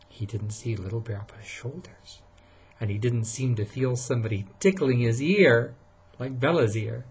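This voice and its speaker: A man reading a bedtime story to his child, softly and lively, pausing to ask her questions. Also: medium pitch, husky, lo-fi sound.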